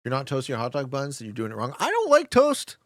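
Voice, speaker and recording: A man's voice: mid-range voice, huge pitch swings, fast talker, fairly bright tone, dry recording, studio quality. A young man streaming a strategy game, chatting casually, joking and laughing often as he answers chat. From Canada.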